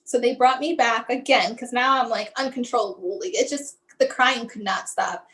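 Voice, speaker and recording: A woman's voice: a little high, steady tone, normal speed, a bit bright, low-quality recording. A woman guest recounting a personal family story in a conversational, emotional way, acting out what others said and often restarting her sentences. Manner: conversational, acts out what others said, many fillers like "like"; fragmented, restarting phrasing under emotion. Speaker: guest, mother sharing her son's story.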